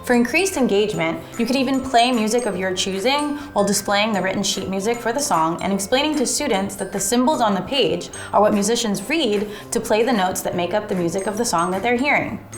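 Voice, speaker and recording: A woman's voice: medium pitch, brisk, few pauses, soft background music. Woman explaining a lesson in an echoey room. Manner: clear, methodical explaining. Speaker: teacher. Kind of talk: instructional lesson narration.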